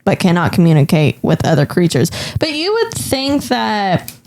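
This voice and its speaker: A woman's voice: medium pitch, big pitch swings, normal speed, a little mellow, a little hiss or hum. A woman co-hosting a podcast, chatting casually about a movie, peppering her talk with "like" and pointing out what makes no sense. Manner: chatty, full of "like", picks apart plot holes. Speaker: podcast co-host.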